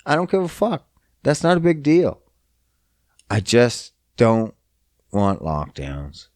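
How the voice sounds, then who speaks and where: A man's voice: mid-range voice, wildly swooping pitch, slow, a little mellow, no room sound, clean studio sound. A young man from Canada hosting a podcast, ranting in a profane, exasperated and mocking way. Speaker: podcast host. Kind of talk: casual solo rant.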